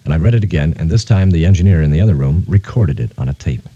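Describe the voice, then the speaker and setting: A man's voice: very deep voice, expressive, fast talker, dark tone, breathy edge, no room sound, highs cut off. A man working as a radio disc jockey, talking on air in a rambling, heartfelt, sentimental way from a studio. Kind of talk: casual on-air radio talk. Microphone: studio microphone.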